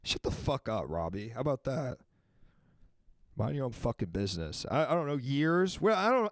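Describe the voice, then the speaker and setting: A man in his thirties hosting a call-in show, ranting loudly and swearing in casual banter. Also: a little high, brisk, no room sound, clean studio sound. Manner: loud, swearing, animated rants.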